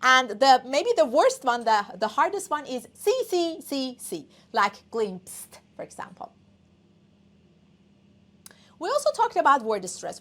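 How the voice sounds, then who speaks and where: A woman's voice: sits high, a bit bright. A woman whose first language is Persian, teaching an online English test class, coaxing students and often checking in with "okay?".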